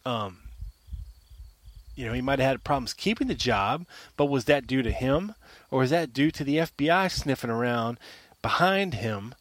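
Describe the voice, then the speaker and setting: A man's voice: medium pitch, lively intonation, moderate pace, dry recording. A man hosting a podcast alone, arguing his case emphatically and firing off repeated rhetorical questions. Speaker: podcast host. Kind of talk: argumentative solo monologue.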